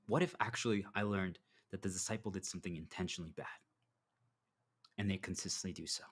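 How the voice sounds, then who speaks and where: A man's voice: low-pitched, breathy edge. A man delivering a preachy motivational monologue as a self-styled spiritual guide, telling stories and acting out dialogue. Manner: preachy, animated storytelling with acted dialogue.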